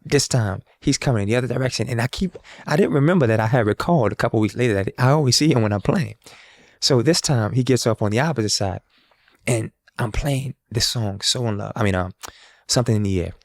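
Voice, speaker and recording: A man telling a story, quick and gravelly, with a husky edge to his voice. He slips into the voices of the people he quotes as he goes. The sound is close and dry. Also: mid-range voice, dry recording. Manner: animated, acts out quoted dialogue. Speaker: guest street musician. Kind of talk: casual storytelling.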